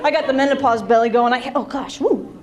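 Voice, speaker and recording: A woman's voice: sits high, fast. Brash middle-aged woman doing stand-up. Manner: brash, self-mocking, laughs often. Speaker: stand-up comedian. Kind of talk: stand-up comedy with crowd work. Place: comedy club stage. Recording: live club with loud crowd. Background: audience laughter and chatter.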